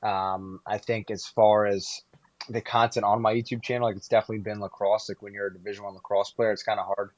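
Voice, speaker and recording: A man's voice: fairly low pitch, little pitch movement, quick pace, dry recording, muffled recording. A young man, recently graduated, talking steadily and earnestly as a podcast guest. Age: young adult. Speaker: guest, YouTuber. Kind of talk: casual podcast chat.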